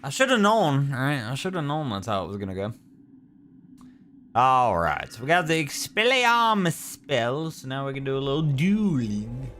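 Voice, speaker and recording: A man streaming a game live, muttering to himself with frustrated sighs and sudden loud outbursts. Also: medium pitch, sing-song, normal speed, a little hiss or hum. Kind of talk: live gameplay commentary.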